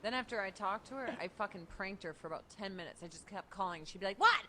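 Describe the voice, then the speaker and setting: A woman of about thirty from Chicago with a Chicago accent, a guest telling stories in a casual, profane, animated way. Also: medium pitch, fast, a little hiss or hum. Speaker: guest, streamer. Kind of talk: casual podcast chat.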